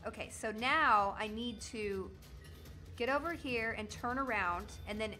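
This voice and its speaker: A woman in her thirties doing jokey, excitable commentary while she plays a video game. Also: fairly high pitch, unhurried, faint music behind. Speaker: gaming streamer. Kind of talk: let's play commentary.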